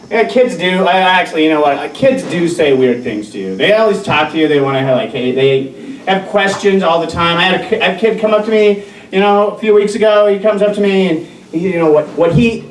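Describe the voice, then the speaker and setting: A man performing a stand-up comedy set, telling stories and acting out voices in quick bursts. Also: high-pitched. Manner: animated storytelling with acted-out voices. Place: brewery. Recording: roomy bar from a distance, crowd laughter.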